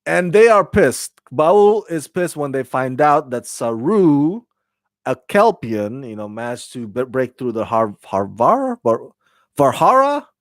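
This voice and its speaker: Taking it slowly in a sing-song, medium-pitched voice with no echo, this TV show reviewer talks casually about an episode. He rambles with frequent restarts and fillers, chuckling at his own slips.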